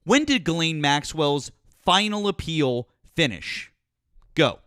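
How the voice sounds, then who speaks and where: A man's voice: a little high, big pitch swings, slow pace, bright, forceful tone, no echo, clean studio sound. A man hosting a call-in political talk show, berating a caller with profanity and repeating his demands.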